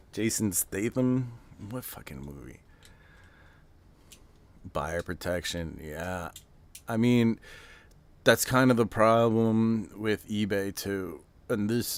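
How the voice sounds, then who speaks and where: An American streamer with a slow, low, smooth voice hosts a live watch party for a reveal. The talk is casual and rambling as he chats away, reading viewers' messages aloud and answering them.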